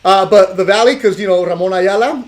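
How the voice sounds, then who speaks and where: A man from Los Angeles hosting a casual interview podcast, joking in slang and telling animated stories. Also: sits high, brisk, a little hiss or hum. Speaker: podcast host.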